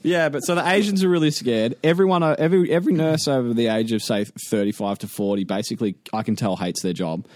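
A man's voice: mid-range voice, fast talker, few pauses, no room sound. A man tells a hospital story in loose podcast chat. He swears freely and acts out each person in it, his voice leaping up for the quoted lines. The sound is close and dry. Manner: animated, swears a lot, acts out quotes in raised voice. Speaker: podcast co-host.

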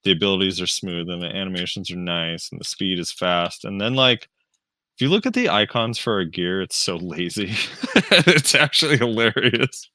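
Man, podcast co-host, lowish bright voice, dry close mic, keyboard clicks behind, chatty and amused. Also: lively intonation, brisk, no room sound. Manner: chatty, laughs at his own points, swears casually. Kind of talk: casual gaming podcast chat.

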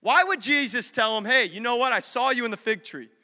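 A man's voice: very high voice, a little fast, sharp tone, big-room sound. A man preaching a sermon as pastor, impassioned and repeating phrases for emphasis.

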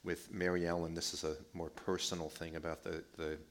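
A man's voice: low voice, level tone, a little fast. A man with an American accent speaking as a panelist in a public debate, hesitant, with many fillers. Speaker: panelist, professor.

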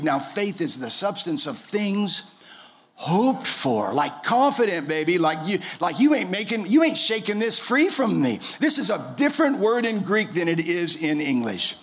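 A middle-aged man preaching a sermon as pastor in a church, impassioned, swinging from soft, low passages to shouted pleas.

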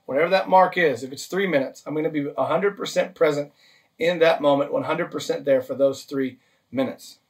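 A man's voice: on the high side, distant mic. A man preaching a sermon, a pastor teaching step by step and checking in with "okay?" and "right?". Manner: practical, list-driven teaching with frequent "okay?" and "right?" check-ins.

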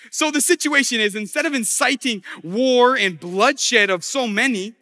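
A man's voice: extremely high pitch, big pitch swings, normal speed, pushed and bright, in a large hall. A man preaching a casual, story-driven sermon with slang and jokey asides in a church.

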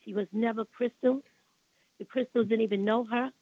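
A woman's voice: a little high, steady tone, moderate pace, no echo. Older Brooklyn woman on a phone line. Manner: rambling, repeats herself, indignant about the past. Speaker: interview guest, singer. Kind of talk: storytelling in a radio interview.

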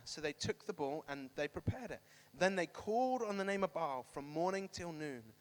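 A man preaching a sermon to a congregation, animated and emphatic, repeating phrases for effect. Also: a little high, a little fast, long reverb tail. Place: church hall with congregation, also streamed online.

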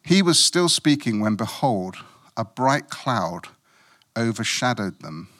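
A man's voice: mid-range voice, very animated, takes it slowly, a bit bright. Playful man preaching a sermon. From Africa. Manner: conversational, self-mocking, playful asides with acted quotes.

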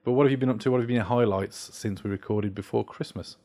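A man's voice: lowish voice, fast talker, dark tone. A middle-aged man hosting a podcast in casual chat, jokey and upbeat as he steers the talk. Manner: upbeat, jokey, directs the conversation. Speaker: podcast host. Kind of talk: casual chat, leading the show.

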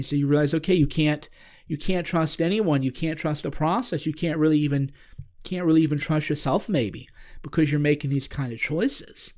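Earnest man telling a story, higher voice. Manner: earnest, searching, halting with many restarts. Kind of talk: casual spoken storytelling.

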